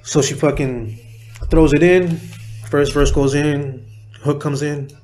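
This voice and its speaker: A middle-aged man from San Diego, a rapper guest telling a story in a profane, animated way, acting out the people he quotes. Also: a little high, slow, a little hiss or hum. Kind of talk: casual storytelling interview.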